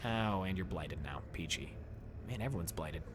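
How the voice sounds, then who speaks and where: A man streaming a video game, talking casually with his viewers in a loud, jokey, excitable way. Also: deep voice, moderate pace, noisy background. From United States. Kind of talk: casual live-stream commentary. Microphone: desk microphone.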